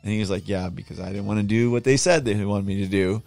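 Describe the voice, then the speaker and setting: A man hosting a podcast, chatting relaxed and asking his guest questions. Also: on the low side, fast talker, gravelly, dry recording, soft background music. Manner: relaxed, conversational, asks questions. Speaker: podcast host. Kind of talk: casual podcast interview.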